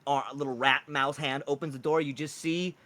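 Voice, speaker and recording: A man's voice: fairly high pitch, steady tone, moderate pace, pushed and bright. A man narrating as dungeon master in a casual, rambling way. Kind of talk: narrating a tabletop game.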